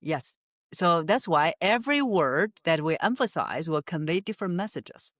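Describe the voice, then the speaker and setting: A woman's voice: on the low side, animated, normal speed, fairly bright tone, no room sound, studio quality. A woman voice coach answering interview questions, explaining with frequent "uh" fillers and light laughs. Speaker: voice coach guest.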